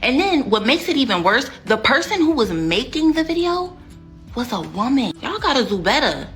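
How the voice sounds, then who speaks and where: A woman's voice: sits high, very animated, normal speed, fairly bright tone, faint music behind. A woman ranting in a sassy, indignant reaction video. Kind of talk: reaction rant.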